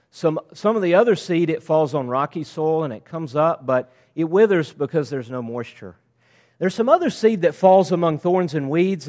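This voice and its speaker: A man preaching a sermon, lively and conversational, acting out voices of the crowd and disciples in casual asides. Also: fairly high pitch. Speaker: pastor.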